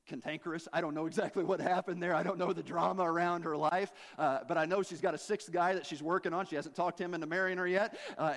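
A man preaching a sermon in a folksy, conversational storytelling way, dropping low for emphasis. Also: fairly bright tone, in a large hall.

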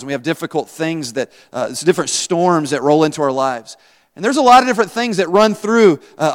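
A male pastor giving a conversational sermon in church, asking the congregation questions and joking at his own expense. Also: on the high side. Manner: conversational, asks the congregation questions, self-deprecating humor. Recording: long reverb in a church hall.

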